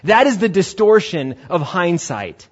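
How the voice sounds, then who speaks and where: A male pastor preaching a lively sermon and acting out quotes as he goes. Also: sits high, unhurried, slightly rough. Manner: animated, acts out quotes. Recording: dull lo-fi recording.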